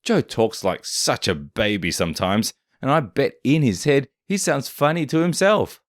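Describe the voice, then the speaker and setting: A man delivering a scripted commentary voice-over with snide, opinionated jabs. His pitch leaps and dips all over the place. The sound is close and dry, with no room around it. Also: expressive, normal speed, no echo. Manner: snarky, opinionated. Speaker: commentary narrator.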